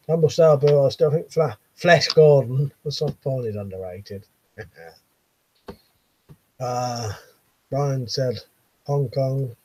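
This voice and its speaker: A husky, darkish, mid-range voice comes through a muffled recording. It belongs to an English man in his late thirties casually hosting a live chat from his bedroom, reading viewers' messages and bantering easily with a chuckle.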